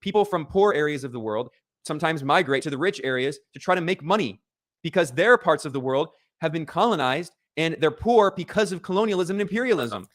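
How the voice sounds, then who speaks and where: Insistent lecturing man, slightly high voice. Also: expressive, fairly quick. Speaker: political commentator. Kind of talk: political argument.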